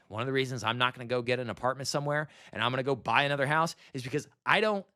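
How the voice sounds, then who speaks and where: A man's voice: mid-range voice, rapid-fire, sharp tone. A man in his thirties delivering a bitter, exasperated, profanity-filled rant, repeating himself as he vents. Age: 30s. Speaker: vlogger. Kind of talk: ranting monologue to camera.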